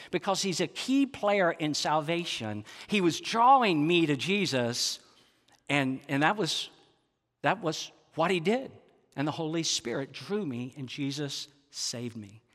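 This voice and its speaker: A man with a high, bright voice preaches to a congregation, earnest and confessional, checking in with the crowd as he goes. His voice rings out with a long reverb, as in a large church sanctuary. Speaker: pastor. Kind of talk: sermon.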